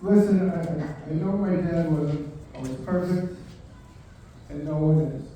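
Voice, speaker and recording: A man delivers a memorial speech and toast, slow and halting, often restarting his words. His voice is mellow and somewhat high. He is picked up from a distance in a strongly echoing room with a faint background hum. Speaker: son giving a eulogy. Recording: echoey room from far off.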